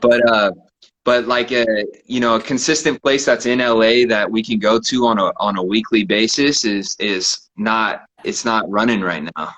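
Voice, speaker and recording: A man hosting a casual chat from his living room, relaxed and laughing often, with lots of fillers. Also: on the low side, normal speed, a little hiss or hum, low-quality recording. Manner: laid-back, laughs often, many fillers. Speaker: host.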